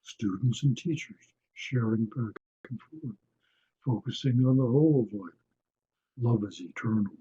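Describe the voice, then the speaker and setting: A man giving a webinar lecture, unhurried, often checking in with his listeners. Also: medium pitch, warm tone, husky, lo-fi sound. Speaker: webinar presenter on attitudinal healing.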